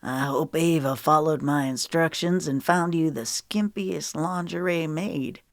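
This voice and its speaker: A steady, soft-spoken man who is a former Navy SEAL and a devoted husband, voiced by a woman reading an audiobook. His lines come low and murmured, in a deep, dry voice with a slightly different colour from the narration. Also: measured pace, no echo. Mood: teasing.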